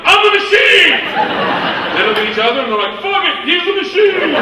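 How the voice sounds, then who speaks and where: A man doing stand-up, telling a story loudly, swearing and acting out the people in it, recorded in a large venue with a live audience. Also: high voice, heavy background noise. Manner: loud, rowdy, swearing, acts out characters. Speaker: stand-up comedian. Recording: echoey live hall, mic heard from far, loud crowd.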